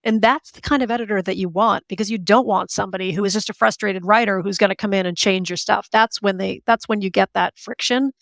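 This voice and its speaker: A woman author as an interview guest, talking in an animated, chatty way with many fillers and restarts. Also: medium pitch, fast talker, creaky, hardly any pauses, no room sound. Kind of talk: conversational interview.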